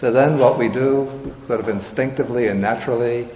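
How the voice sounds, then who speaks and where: A man giving a dharma talk as a Buddhist teacher, explaining a scripture in a slow, measured, explanatory way. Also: mid-range voice. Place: large hall with audience. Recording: reverberant hall, dull sound, faint hiss.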